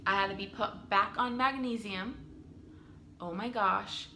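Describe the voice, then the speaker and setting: A woman's voice: mid-range voice, a little slow, sharp tone, a little hiss or hum. A woman in her twenties earnestly telling her own birth story at home, with frequent ums. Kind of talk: casual storytelling to camera. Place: home room.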